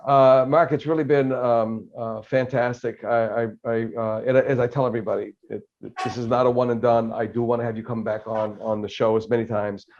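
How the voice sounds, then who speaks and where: This is a man hosting a podcast, chatting casually at a mid pitch. He talks haltingly, full of fillers and restarts. The audio is slightly dull and lo-fi. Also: little pitch movement, darkish tone, a little hiss or hum. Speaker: podcast host. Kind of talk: casual interview chat.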